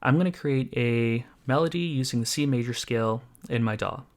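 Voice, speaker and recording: Calm man teaching music theory step by step. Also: medium pitch, moderate pace. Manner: calm, methodical, walks through each step while playing examples. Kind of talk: step-by-step tutorial explanation.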